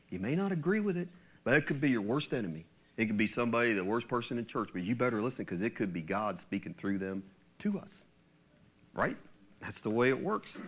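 Animated preacher man. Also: on the high side. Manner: animated preaching with rhetorical questions and acted quotes. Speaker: pastor. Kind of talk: sermon.

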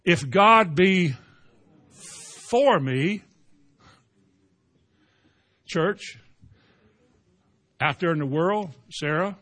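Preacher with swinging emphasis. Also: male voice, high voice, expressive. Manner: rhetorical questions, swings from loud drawn-out emphasis to quiet. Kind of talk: sermon.

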